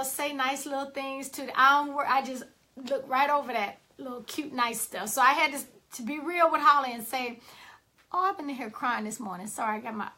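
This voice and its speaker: A woman coach giving a lively, emphatic motivational talk on a live stream and greeting viewers by name. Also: high-pitched.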